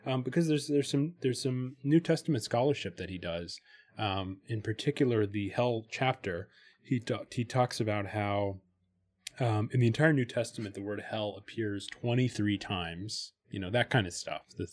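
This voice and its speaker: A man's voice: fairly low pitch, normal speed, darkish tone. A man hosting a podcast, talking casually and at length with frequent fillers, sometimes reading passages aloud. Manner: talkative, many fillers and restarts, reads passages aloud. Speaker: podcast host. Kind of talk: casual chat about spirituality.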